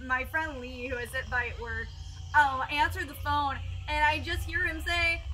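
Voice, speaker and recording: A woman's voice: high-pitched, fairly even intonation, moderate pace, sharp tone, faint music behind. A young woman player in a tabletop game, chatting casually and telling stories in a chatty, giggly way. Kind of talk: casual chat.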